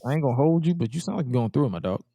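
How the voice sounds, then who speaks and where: A man's voice: mid-range voice, lively intonation, rapid-fire, vocal fry, mellow, no echo, studio quality. A young man co-hosting a wrestling podcast in loose casual chat, slangy and given to repeating himself. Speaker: podcast co-host.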